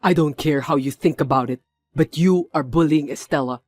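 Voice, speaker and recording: A man's voice: fairly high pitch, moderate pace, faint music behind, natural voice. A man playing a stern, reproachful young executive. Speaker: company executive, the son.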